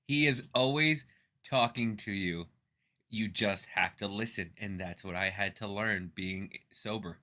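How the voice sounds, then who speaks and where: A middle-aged man tells a personal story in loose, earnest chat, cursing freely and tripping over his own restarts. His voice is bright and forceful, recorded close and dry with no room sound. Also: on the low side, a little slow, no echo. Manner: swearing, stumbling restarts, earnest.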